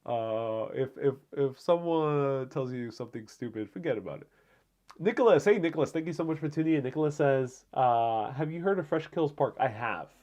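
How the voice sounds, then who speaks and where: A man's voice: medium pitch, animated, moderate pace, few pauses, darkish tone. A man hosting a live stream from home, chatting casually and answering viewer comments in a rambling way, with frequent fillers and restarts. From Puerto Rico.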